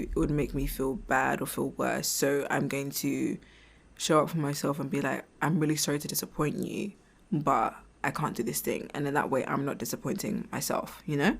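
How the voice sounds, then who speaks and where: A woman in her twenties with a notably low voice, hosting a casual, reflective solo podcast. She talks in a frank, chatty way, swears freely and laughs often. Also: vocal fry, breathy edge. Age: 20s. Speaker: podcast host.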